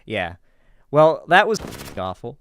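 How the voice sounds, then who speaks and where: A man's voice: medium pitch, sing-song, slow pace, fairly bright tone. A man hosting a casual reaction commentary, rambling with lots of filler words and sarcastic asides. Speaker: commentary host.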